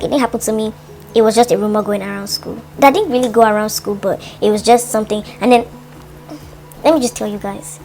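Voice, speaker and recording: A young woman tells a personal story to her vlog, full of fillers like "like" and acting out her own thoughts. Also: mid-range voice. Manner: animated storytelling, lots of "like", dramatizes her thoughts. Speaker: vlogger.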